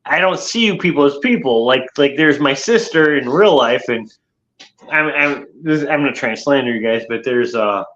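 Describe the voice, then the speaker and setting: A man's voice: medium pitch, lively intonation, normal speed, fairly bright tone, muffled recording. A man who has been drinking, in a casual group chat, rambling and trailing off as he loses his thread. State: tipsy from drinking.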